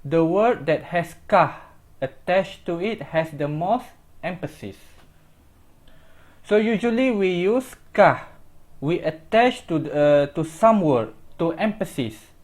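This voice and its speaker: A language teacher giving a recorded lesson in slow, deliberate explanations, using simple English with small grammar slips and repeating each example phrase. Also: medium pitch, lively intonation, a little mellow.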